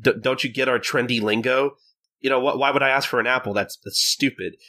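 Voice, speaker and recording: A man's voice: mid-range voice, fairly even intonation, a little fast, sharp tone. Man putting on a snippy fed-up receptionist woman. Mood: irritated. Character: exasperated snippy female receptionist.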